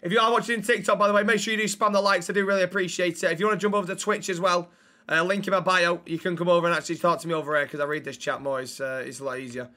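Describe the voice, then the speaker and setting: A young man talks to his live chat while playing a game. His voice sits a touch high and rings very bright. His delivery is blunt, sweary banter into a desk mic. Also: fairly even intonation, racing. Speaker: streamer.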